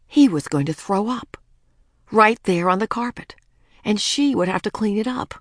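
A woman narrating a children's storybook in a lively, expressive way. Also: medium pitch, moderate pace, no echo, studio quality. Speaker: audiobook narrator.

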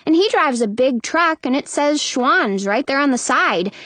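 A curious little boy in a storybook who blurts out whatever comes to mind, voiced by a woman reader. His lines come high and earnest, recorded dry and close. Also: expressive, unhurried, fairly bright tone, no room sound. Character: curious chatty little boy, the narrator's brother.

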